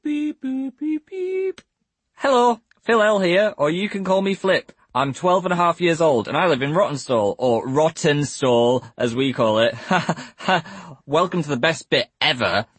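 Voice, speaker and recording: A man's voice: mid-range voice, slightly rough, no room sound. A man voicing a hyperactive twelve-year-old boy recording a message for the future, full of silly jokes. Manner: giddy, jumpy, silly jokes.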